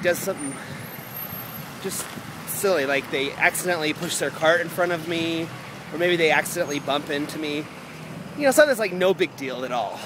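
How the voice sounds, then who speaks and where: A man talks loosely to his camera, circling back and laughing as he goes. His voice sits a little high for a man. A faint hum of noise runs under the recording. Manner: chatty, rambling, laughs often. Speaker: vlogger. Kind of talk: casual vlog chat.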